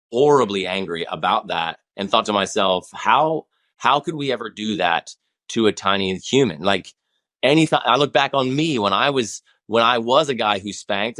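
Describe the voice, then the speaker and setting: Guesting on a podcast, this forties-aged man has a fairly low pitch and a fairly bright tone. The conversation is casual, and he speaks with rambling passion and plenty of restarts.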